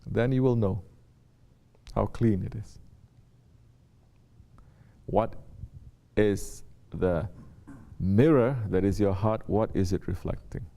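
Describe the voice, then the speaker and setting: A man's voice: lowish voice, slow, creaky, long pauses, warm tone. A man giving a spiritual talk to his students as their Sufi teacher. He repeats his points and often checks in with short questions to the room. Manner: repetitive, checks in with rhetorical questions.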